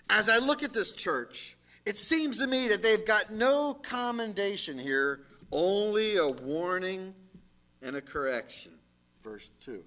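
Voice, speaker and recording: A middle-aged male pastor preaching an emphatic sermon, at times rising to shouted exhortations. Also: high-pitched, sing-song, slow.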